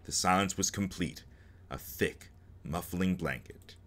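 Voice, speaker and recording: A man's voice: low voice, measured pace, a bit bright. A man reading game text aloud and cracking jokes between the lines as he plays. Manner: joking asides between dramatic narration. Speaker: let's play host.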